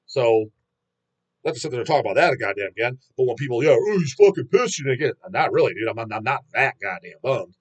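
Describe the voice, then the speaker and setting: A man's voice: medium pitch, a little fast, breathy edge. Blunt, profane man ranting. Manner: profane, blunt, rambling with restarts. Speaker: metal channel host. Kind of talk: ranting vlog monologue.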